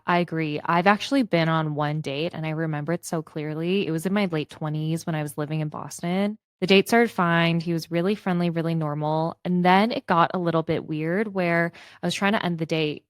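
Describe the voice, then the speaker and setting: Low-voiced chatty woman podcaster. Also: no room sound, studio quality. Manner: chatty, animated retelling with quoted asides. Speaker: podcast co-host. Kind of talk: casual chat.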